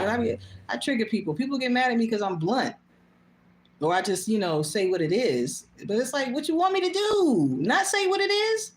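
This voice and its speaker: A woman's voice: mid-range voice, a little hiss or hum. A woman hosting her own show, talking bluntly and casually, swearing freely and laughing often. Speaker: host. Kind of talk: casual monologue. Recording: echoey room.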